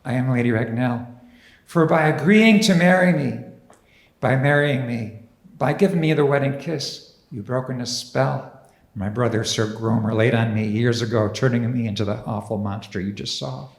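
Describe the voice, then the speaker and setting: Lady Ragnell, voiced by a man, gently earnest. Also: mid-range voice, moderate pace, gravelly, voice pushed down, close to an everyday voice. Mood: tender. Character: enchanted noble lady, gentle and sincere. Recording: echoey church hall.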